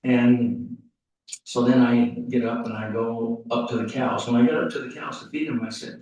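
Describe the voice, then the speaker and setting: A man giving a rambling, folksy eulogy at a funeral service, full of halting restarts. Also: mid-range voice, fairly even intonation, darkish tone. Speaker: funeral speaker. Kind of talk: eulogy storytelling. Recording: echoey hall, mic off at a distance.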